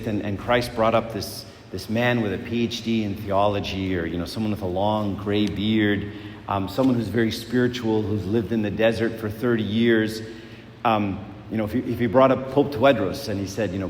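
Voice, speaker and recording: A man gives a sermon in an easy, conversational way, doubling words and asking rhetorical questions. His voice sits low. It rings through a large hall with a long echo and faint noise behind it. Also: moderate pace, a little mellow. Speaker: preacher.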